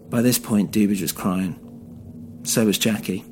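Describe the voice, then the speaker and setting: Guy narrating a story in first person, steady and low, faint music behind. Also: a little slow.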